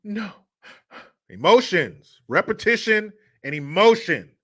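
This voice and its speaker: A man hosts a solo commentary show with a somewhat high voice. His tone is forceful and tense, and his talk is crude and mocking, with scornful laughs. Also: big pitch swings, slow pace. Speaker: podcast host.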